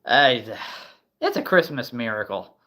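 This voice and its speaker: Male livestream host, relaxed rambling talk with frequent chuckles, bright voice, unhurried. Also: mid-range voice. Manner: rambling, chuckling between remarks. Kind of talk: casual live-stream chat. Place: at a relative's house.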